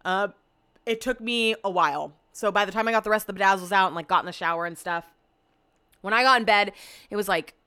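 A young adult woman hosting a podcast, telling a story in a casual, animated way with frequent swearing. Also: medium pitch, quick pace, clear, resonant tone, dry recording. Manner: animated, with swearing and quoted asides. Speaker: podcast host.

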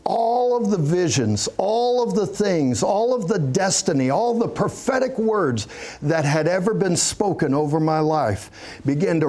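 A man with a somewhat high voice tells his story at an unhurried, deliberate pace. He is a pastor giving an earnest testimony in an interview, breaking into small chuckles as he goes. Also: darkish tone.

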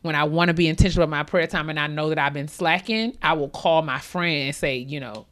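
A young woman co-hosting a podcast in a relaxed, candid way, rambling a little and falling into casual slang. Her voice sits somewhat low for a woman. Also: quick pace. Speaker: podcast co-host.

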